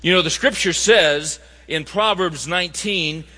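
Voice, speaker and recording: A man's voice: high voice, a little slow, bright, forceful tone. A man preaching a sermon, emphatic and asking the audience rhetorical questions. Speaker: pastor. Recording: reverberant hall sound.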